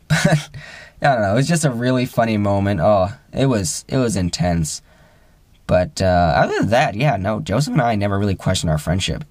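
A man's voice: lively intonation, normal speed, a little mellow, no echo. A young man casually telling a personal story, rambling with many fillers and restarts, and lifting his voice to act out the friends he quotes. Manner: acts out quoted friends with rising pitch.

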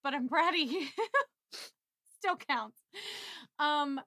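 Casual co-host: giggly, animated woman with a bright, high voice, dry close mic. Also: drawn-out words, dry recording. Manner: animated, giggly, swears freely. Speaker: podcast co-host. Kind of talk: casual fan chat.

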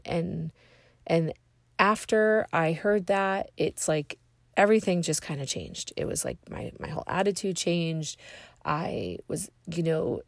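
A woman giving an earnest personal faith testimony, speaking haltingly and searching for her words. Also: fairly low pitch, vocal fry, no echo, studio quality. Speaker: speaker sharing a personal story.

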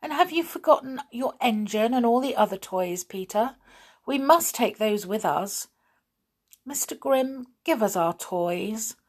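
A woman's voice: on the high side, expressive, a little slow, pitched above the performer's own voice. A woman voicing an earnest young girl in a storybook reading, pleading in a sincere way. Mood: insistent.

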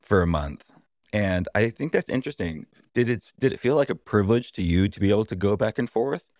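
A man interviewing a guest, asking careful, gentle questions. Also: on the low side, animated, fairly quick, no room sound, clean studio sound. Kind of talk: interview conversation.

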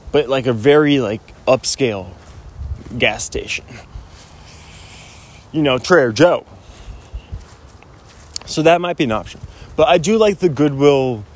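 A man's voice: mid-range voice, a little mellow, a little hiss or hum. A man rambling casually in a solo podcast while walking outdoors, with a lot of "like"s. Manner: rambling, chatty, many "like"s. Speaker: podcast host.

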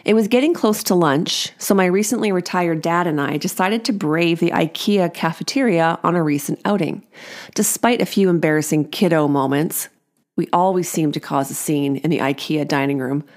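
Woman, 40s, podcast host, lower-pitched, wry, chatty, self-amused storytelling. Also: moderate pace. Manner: self-amused, laughs at her own jokes; wry, chatty asides to the listener. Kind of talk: reading a personal parenting story aloud.

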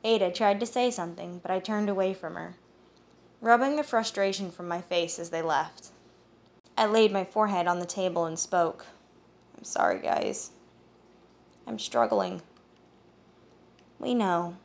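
Woman narrator, first-person novel, even storytelling tone, mid-range voice. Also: medium pitch, moderate pace. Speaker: audiobook narrator.

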